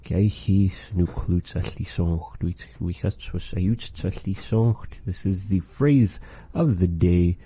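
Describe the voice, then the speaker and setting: A man hosts a language lesson in a low, unhurried voice. He says each phrase slowly and patiently, then explains it. His tone is very dark and mellow, recorded dry and close. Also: husky, dry recording. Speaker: language teacher. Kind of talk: slow, careful language lesson.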